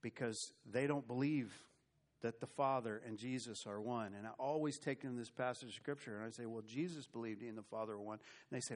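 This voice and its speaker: A middle-aged man preaching a sermon with animated swings between loud and soft, with humorous asides. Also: mid-range voice, brisk. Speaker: pastor.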